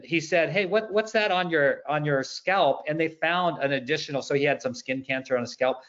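A man's voice: on the high side, a bit bright, muffled recording. A man speaking as a panel guest on a webinar, telling personal stories in a conversational way. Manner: storytelling, conversational. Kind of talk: webinar discussion.

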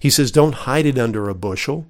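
A man from the United States giving a recorded Bible lesson, reading scripture aloud with pauses and earnest emphasis. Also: mid-range voice, animated. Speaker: Bible teacher.

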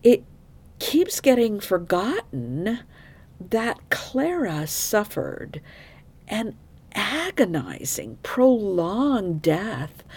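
A woman's voice: mid-range voice, darkish tone, breathy edge. A woman hosting a true crime podcast, telling the case in a frank, opinionated, conversational way with asides to her listeners. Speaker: podcast host.

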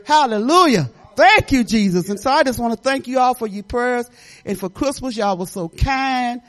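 A woman's voice: on the high side, moderate pace. An older woman giving a rambling, chatty testimony at church, often laughing and restarting her sentences.

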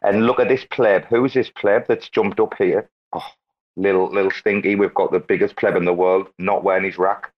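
Man, host, fairly low voice, joking banter, swearing, lo-fi muffled audio. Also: steady tone, normal speed. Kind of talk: casual chat on a live audio space. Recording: dull lo-fi online audio.

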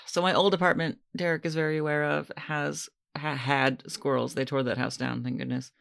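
A man's voice: on the high side, flat delivery, normal speed, gravelly, a bit bright. A man in his thirties from Maine hosting a podcast, chatty and self-deprecating in casual conversation. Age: 30s. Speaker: podcast host. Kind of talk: casual chat.

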